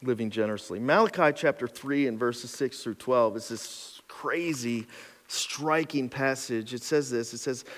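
A man preaching a sermon as pastor, emphatic and building to loud passion, with casual asides and laughs. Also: medium pitch, measured pace. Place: church auditorium. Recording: long hall reverb.

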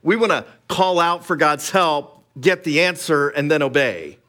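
Animated high-voiced male preacher. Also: unhurried. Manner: animated and conversational, with laughter and casual asides. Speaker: pastor. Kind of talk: sermon.

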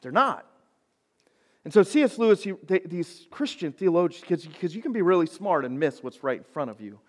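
A man preaching to high schoolers, casual and folksy, building to emphatic points. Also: very animated, a little fast. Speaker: youth pastor. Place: church sanctuary. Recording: long hall reverb.

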